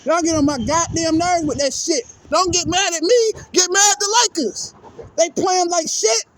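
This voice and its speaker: A man's voice: very high voice, moderate pace, a bit bright, slight background noise. A man giving an angry, profane sports rant to his viewers, exasperated and repeating himself. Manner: profane, exasperated, repetitive ranting. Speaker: vlogger.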